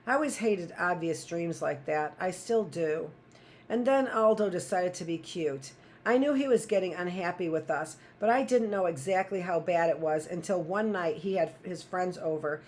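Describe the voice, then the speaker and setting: A woman's voice: lowish voice, a little mellow, a little hiss or hum. A woman teacher reading a novel aloud in a plain, first-person storytelling voice.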